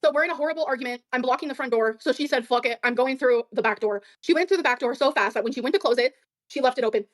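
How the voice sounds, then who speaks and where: A woman telling a story on a streamed show, rapid, profane and defensive. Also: high voice, no echo. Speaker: guest on a stream. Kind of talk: casual storytelling in a stream clip.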